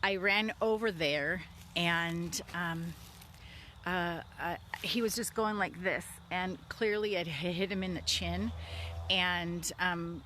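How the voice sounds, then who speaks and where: A woman's voice: lowish voice, steady tone, slow pace, bright, forceful tone, slight background noise. A middle-aged woman talking casually outdoors on her farm, with lots of fillers and restarts. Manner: conversational, many fillers and restarts. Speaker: vlogger talking about leadership. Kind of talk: casual spoken story.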